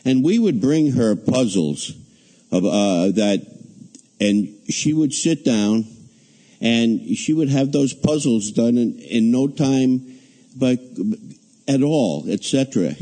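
A man giving a halting funeral eulogy as a family member, pausing often with fillers and restarts. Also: mid-range voice, expressive, dark tone, low-quality recording. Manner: hesitant, many fillers and restarts.

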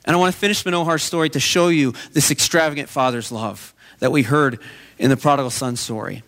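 A man's voice: medium pitch, fairly even intonation, fairly quick, fairly bright tone. A man preaching a sermon as pastor, telling a story in an earnest way.

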